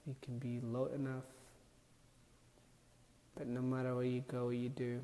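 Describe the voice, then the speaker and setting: Man, YouTube comedian, soft and rambling on a live stream, reverberant sound. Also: mid-range voice, completely flat delivery, moderate pace, slight background noise. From Eritrea. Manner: soft-spoken, rambling, reading viewer comments. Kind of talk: casual live-stream chat.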